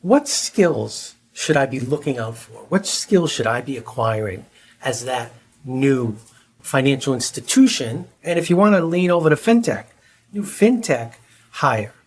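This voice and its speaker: A man's voice: medium pitch, lively intonation, measured pace, slightly rough. A man hosting a podcast, asking friendly, rambling questions. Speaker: podcast host. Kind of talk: conversational interview.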